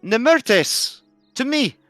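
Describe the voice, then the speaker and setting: A man's voice: extremely high pitch, very animated, takes it slowly, pushed and bright, no room sound, soft background music, pitched above the performer's own voice, heavily acted. A man voicing a powerful fae woman of the autumn wind, speaking loftily. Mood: lofty.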